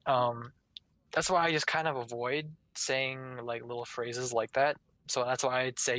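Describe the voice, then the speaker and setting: Bright, dry-sounding young man chatting. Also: medium pitch, fairly even intonation, moderate pace, dry recording, rough recording. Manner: rambling, filler-heavy, acts out quotes. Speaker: podcast co-host. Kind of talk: casual chat.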